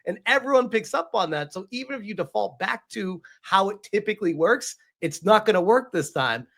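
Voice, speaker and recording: High-voiced exasperated host man. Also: expressive, a little fast, gravelly. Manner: agreeing loudly, lots of "yep", exasperated. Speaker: stream host. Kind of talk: casual reaction chat.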